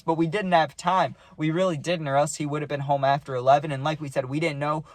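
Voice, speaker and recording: A man's voice: a little high, flat delivery, quick pace, few pauses, no room sound. A young man casually telling a rambling party story, full of slang and saying "dude" a lot.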